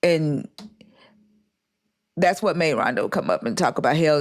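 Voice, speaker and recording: This is a livestream host in casual chat, telling a story with lots of swearing. They talk at a middle pitch and act out each line of quoted dialogue. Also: normal speed, long pauses. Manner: profane, animated storytelling.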